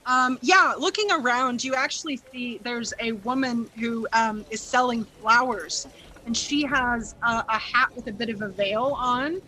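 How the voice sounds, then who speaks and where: Woman game master, chatty and loose, with a bright, high voice. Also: measured pace, a little hiss or hum, low-quality recording. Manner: casual, chatty, many fillers. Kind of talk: narrating a tabletop game.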